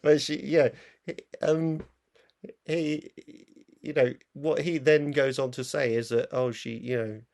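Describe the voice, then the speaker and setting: A man's voice: medium pitch, fairly even intonation, a little slow, vocal fry, darkish tone. A man co-hosting a film review show, talking in a rambling, casual way full of fillers and restarts. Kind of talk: casual chat.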